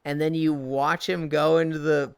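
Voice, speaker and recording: A man streaming live and chatting casually, telling stories in a profane, animated way and acting out the voices he quotes. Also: on the high side, moderate pace, gravelly, clear, resonant tone, dry recording.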